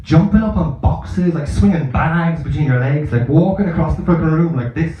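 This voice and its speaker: With a crowd audible behind him, a fairly high-voiced man does stand-up at a moderate pace in a Barcelona club. His stories ramble, swear, and poke fun at himself, captured on an echoey, dull live recording.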